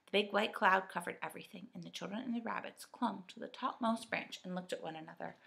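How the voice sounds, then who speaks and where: A woman reading a children's storybook aloud in a lively, expressive way. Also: medium pitch, fast talker, gravelly, slightly rough. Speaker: reader. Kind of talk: storybook narration.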